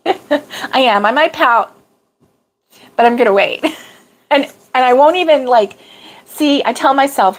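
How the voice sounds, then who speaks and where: A woman's voice: high voice, slow pace, long pauses. A middle-aged woman hosting a crochet livestream, chatting casually, chuckling and answering viewer comments as she goes. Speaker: crochet channel host.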